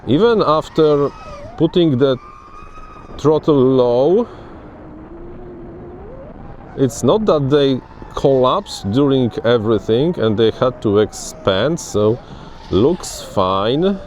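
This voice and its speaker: A man talks his way through a drone test flight out on the grass, excitable and given to repeating himself. His voice sits in a middle register. Faint outdoor noise runs under his words. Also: mid-range voice, slow. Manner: chatty, restarts words, excitable. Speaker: FPV drone reviewer. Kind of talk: casual outdoor flying commentary.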